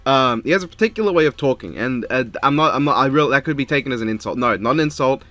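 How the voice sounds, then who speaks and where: A man's voice: mid-range voice, lively intonation, quick pace, sharp tone, dry recording, soft background music. Rambling young man at a desk mic. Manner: rambling, self-deprecating, swears casually. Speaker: video reviewer reading fan comments. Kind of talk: casual chat. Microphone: desk microphone.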